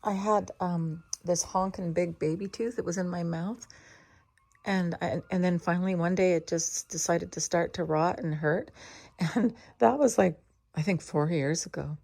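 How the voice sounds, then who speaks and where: Gravelly low-voiced woman rambling casually. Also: a little slow. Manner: chatty and meandering, with restarts and hushed asides. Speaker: vlogger talking to her cat.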